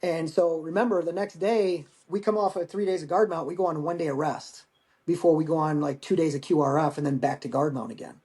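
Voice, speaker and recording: Middle-aged male veteran, guest spot, loose swear-heavy anecdotes, voices the people he quotes, a touch high-pitched. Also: fairly quick. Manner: profane, animated anecdote-telling with acted quotes. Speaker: podcast guest, Marine veteran. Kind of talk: casual storytelling.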